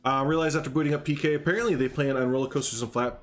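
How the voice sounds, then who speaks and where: A man's voice: mid-range voice, steady tone, rapid-fire, soft background music. A young man chatting casually on a live stream while he builds in a game, rambling, humming and greeting viewers by name.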